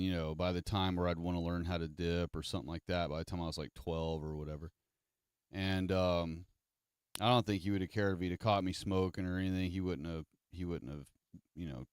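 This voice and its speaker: A man's voice: low-pitched, clean tone, no room sound, studio quality. A man streaming, talking in a casual, rambling monologue that often corrects itself mid-sentence. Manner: rambling, self-correcting storyteller.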